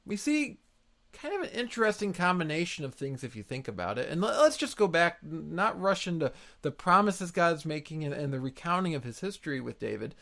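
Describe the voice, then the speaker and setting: A man's voice: a little high, sing-song, brisk, creaky, fairly bright tone. A man preaching an expository sermon in an earnest way, repeating words for emphasis. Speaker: pastor.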